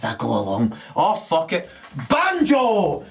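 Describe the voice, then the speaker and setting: A man's voice: on the high side, lively intonation, measured pace. A man improvising a profane story, rambling with many ums and restarts.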